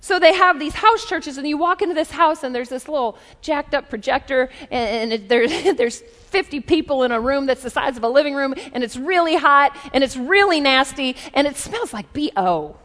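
A woman in her forties preaching a sermon, telling a story in a conversational, lively way with asides. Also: high-pitched, normal speed, few pauses. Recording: long reverb of a large hall.

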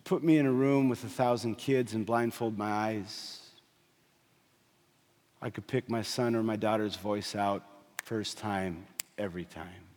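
A man in his thirties preaching a sermon, swinging from loud, emphatic peaks to hushed, low passages, with jokey asides and stories. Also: fairly even intonation, measured pace. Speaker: pastor. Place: church sanctuary. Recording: long reverb of a large hall.

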